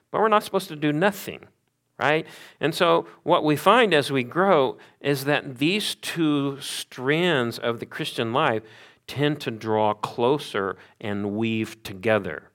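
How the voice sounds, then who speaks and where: A man preaching a sermon, telling stories with animated asides and rhetorical questions. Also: medium pitch. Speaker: pastor.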